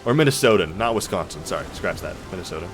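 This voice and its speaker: A man with a lowish voice streams a game and tosses off wry, laid-back remarks. Clear game music plays behind his talk. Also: animated, fast talker. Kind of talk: casual gameplay commentary.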